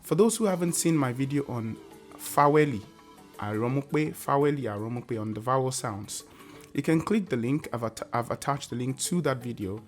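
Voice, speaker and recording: A man's voice: mid-range voice, animated, normal speed, soft background music. A man hosting a casual online language lesson, patiently repeating example words and singing tone syllables. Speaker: language teacher and channel host.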